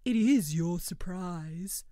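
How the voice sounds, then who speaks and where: Woman reader voicing a very slow, dark-toned, polite storybook creature. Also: on the low side, animated, dry recording, clean studio sound. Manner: slow, measured and proper. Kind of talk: storybook character reading.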